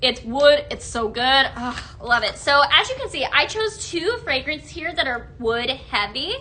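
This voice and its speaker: A woman hosting a live shopping stream, gushing in an upbeat sales pitch to viewers she calls her friends. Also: very animated, a little slow, bright, forceful tone, slight background noise.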